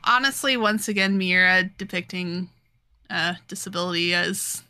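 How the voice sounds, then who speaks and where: A young woman talks casually on her podcast, walking through a story's events. Her voice is bright and clear, and she laughs easily, jumping into different voices for the characters as she goes. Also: fairly low pitch. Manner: giggly, acts out characters' lines in quick voices. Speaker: podcast co-host. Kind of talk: casual chat recapping a manga.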